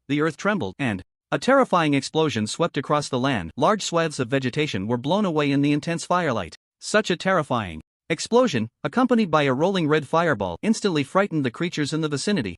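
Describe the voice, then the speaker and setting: A man's voice: a little high, no room sound, studio quality. A man narrating a fantasy story in a dramatic, scripted way.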